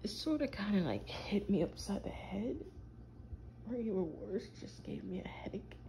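A woman playing a gravelly teasing vampire boyfriend. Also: medium pitch, expressive, normal speed, mellow, slight background noise. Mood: tired. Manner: teasing, playful, drawling slang. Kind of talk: listener role-play audio.

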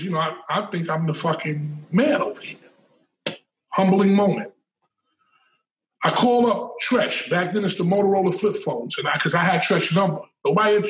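A middle-aged man telling his story as an interview guest, animated, emphatic and full of swearing. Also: high voice. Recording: echoey room, mic at a distance.

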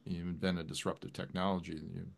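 A man chatting casually on a video call, an animated storyteller whose voice jumps up when he quotes others. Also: low voice, quick pace, creaky. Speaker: guest photographer.

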